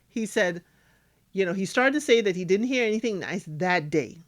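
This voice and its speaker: A woman's voice: medium pitch, expressive, moderate pace. A woman giving casual recap commentary on a reality dating show, acting out cast members' lines as she talks.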